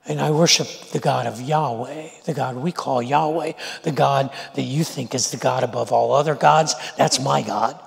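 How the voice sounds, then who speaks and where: A preacher voices a calm runaway prophet, lower and quieter than his own voice. The voice is steady and gravelly, with long reverb behind it. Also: moderate pace, hardly any pauses. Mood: resigned.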